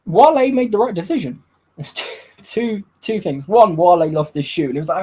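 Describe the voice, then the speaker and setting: A man giving a solo review of a wrestling show, excitable and laughing, swearing often and acting out what the wrestlers said. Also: high-pitched, normal speed, breathy edge, poor audio. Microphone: video call.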